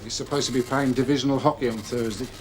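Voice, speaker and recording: An actor playing a brisk, demanding male police chief who gives curt, sarcastic orders in a 1990 TV police drama. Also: medium pitch, steady tone, slight background noise, lightly acted. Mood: impatient. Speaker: senior police officer.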